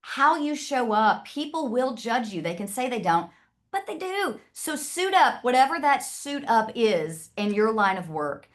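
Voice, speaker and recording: A woman's voice: on the high side, very animated, measured pace. A woman from the American South with a Southern accent, presenting to an audience in a chatty, direct way. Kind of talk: casual talk to an audience.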